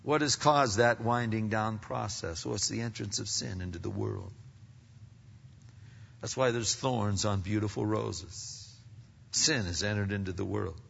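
A man preaching a sermon. He swings between loud, emphatic peaks and hushed, low passages. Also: a little slow, creaky, slightly rough. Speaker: pastor. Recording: muffled sound with long hall reverb.

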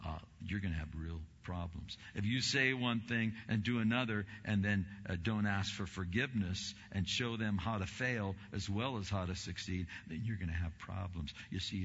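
A man preaching a sermon as pastor, impassioned, swinging between quiet, low passages and loud, rising ones. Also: slightly rough. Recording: dull recording in a reverberant hall.

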